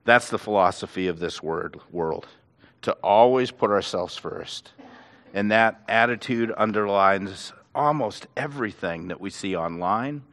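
Man, middle-aged, pastor, somewhat low voice, animated storyteller. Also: measured pace. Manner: animated storyteller who acts out quotes. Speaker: pastor and author. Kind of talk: storytelling in a faith interview.

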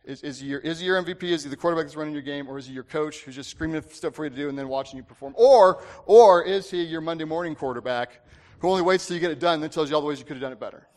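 Chatty male preacher with a higher voice. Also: very fast, a little mellow. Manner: conversational, often asks "right?", with frequent restarts. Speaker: pastor. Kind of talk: casual sermon.

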